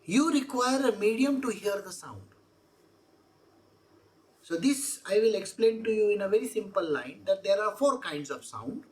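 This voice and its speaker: A woman's voice: mid-range voice, expressive, normal speed, darkish tone. A woman explaining scripture verse by verse as a spiritual teacher, repeating her points and asking rhetorical questions. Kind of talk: scripture exposition talk.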